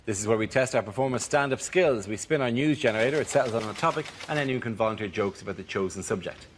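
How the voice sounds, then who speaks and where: A man's voice: mid-range voice, fast. A man hosting a comedy panel show, announcing rounds and calling on players. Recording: studio audience and noise.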